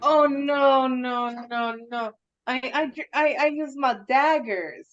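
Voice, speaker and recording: A woman's voice: sits high, slow, fairly bright tone, soft background music. A woman playing a timid, flustered cat-like rogue, speaking hesitantly and stammering, on slightly muffled audio.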